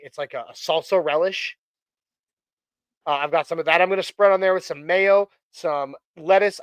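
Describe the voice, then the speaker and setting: Male stream host, fairly high and smooth voice, rambling and chatty, dry close sound. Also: no echo, rough recording. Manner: chatty and rambling, many fillers and restarts. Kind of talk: casual chat on a live stream.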